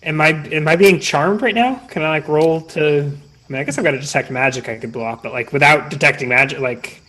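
A man's voice: fairly high pitch, a little fast, pushed and bright. A man playing a tabletop game, talking hesitantly with lots of fillers and restarts. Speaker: player. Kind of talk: casual tabletop game play.

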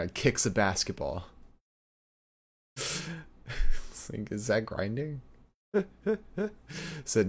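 A man's voice: on the low side, slow, long pauses. A man co-hosting a podcast, recapping a show in rambling casual chat with lots of fillers and laughs. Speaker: podcast co-host.

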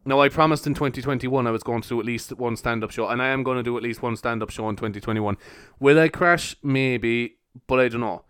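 A young man rambles through a casual solo podcast, laughing often and leaning on fillers. His voice is smooth and clear. The recording is close and dry. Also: medium pitch, fast, hardly any pauses, a bit bright, dry recording. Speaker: podcast host.

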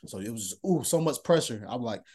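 A young man, a guest on a podcast, telling animated stories in casual chat. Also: mid-range voice, fairly quick, husky. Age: young adult. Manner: animated, laughing storyteller. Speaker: guest, host's son.

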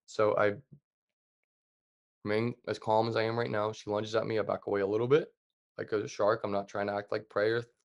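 A young adult man calmly retelling a story as a podcast guest, with plenty of fillers and loose, plain phrasing. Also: fairly low pitch, brisk, vocal fry, pauses often, highs cut off. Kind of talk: casual storytelling.

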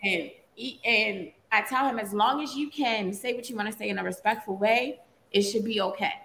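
A woman's voice: on the high side, moderate pace, vocal fry, a little hiss or hum. A woman co-hosting a casual talk show, telling a family story with laughter and acted-out quotes. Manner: animated storytelling, laughs often, acts out quotes. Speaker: podcast co-host, mother. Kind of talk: casual chat.

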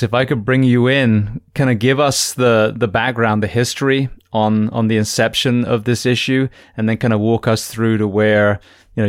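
Podcast host guy, low voice, blunt, cusses, dry close mic. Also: no echo. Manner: blunt, swears, quick asides. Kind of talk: casual podcast interview.

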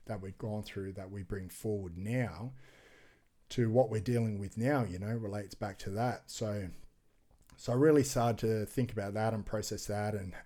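Man, casual storyteller, lively delivery, swears freely. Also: fairly low pitch. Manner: animated, acts out quoted voices, swears freely. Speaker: podcast guest, extreme sports athlete.

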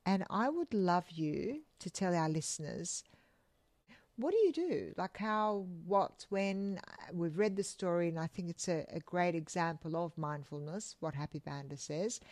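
A woman's voice: fairly low pitch, unhurried, darkish tone, no room sound. A woman co-hosting a podcast, chatting in an upbeat way and laughing easily. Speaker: podcast co-host. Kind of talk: casual chat.

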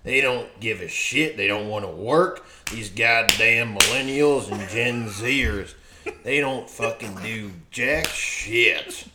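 A man's voice: fairly low pitch, racing, hardly any pauses, echoey room, background noise, close to an everyday voice. A man putting on a crude old country redneck. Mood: grumbling. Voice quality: profane, blustering. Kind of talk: podcast bit.

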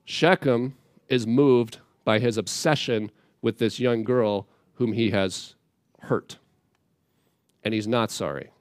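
A man's voice: medium pitch, slow, long pauses, no echo. Casual, plainspoken male preacher, dry sound. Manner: casual, plainspoken, animated asides. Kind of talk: conversational Bible teaching.

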